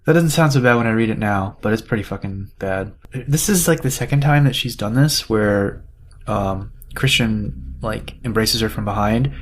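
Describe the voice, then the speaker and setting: A woman's voice: rumbling low, moderate pace. A woman co-hosting a casual book podcast, analytical and self-deprecating, swearing casually as she picks apart the writing. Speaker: podcast co-host. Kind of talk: casual chat, book critique.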